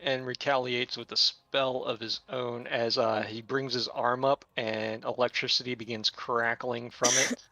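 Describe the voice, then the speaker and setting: A man narrating a tabletop game as game master, describing scenes in a relaxed way with filler words. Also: medium pitch, measured pace, no echo, rough recording.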